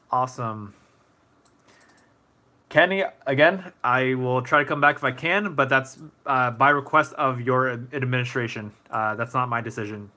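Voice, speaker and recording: A man's voice: medium pitch, unhurried, pauses often, bright, forceful tone. A man hosting a casual live-stream Q&A, chatty and easygoing, answering viewer comments with many fillers.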